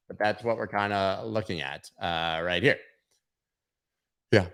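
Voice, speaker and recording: A man with a lowish voice and a bright, forceful edge hosts a casual market stream. He talks loosely, jokes and rambles into asides as he goes through the charts. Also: moderate pace, vocal fry, pauses often. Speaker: host of a crypto market livestream.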